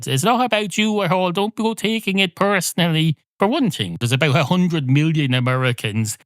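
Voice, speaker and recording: A man hosting a comedy podcast, ranting and swearing through absurd tangents. His pitch swings widely, and the recording is close and dry with no room sound. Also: dry recording. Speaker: podcast host. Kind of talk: comic monologue.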